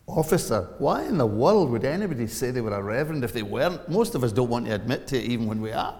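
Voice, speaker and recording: A Scottish man in his forties preaching a sermon, telling a story with big swings in pitch and loudness. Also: lively intonation, fast talker, few pauses, in a large hall. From Scotland. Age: 40s. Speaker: pastor. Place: church.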